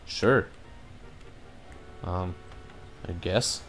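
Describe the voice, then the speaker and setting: Man, low voice, casual let's-play commentary, jokey and loose. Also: unhurried, faint music behind. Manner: rambling, joking, offhand. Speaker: video game let's player.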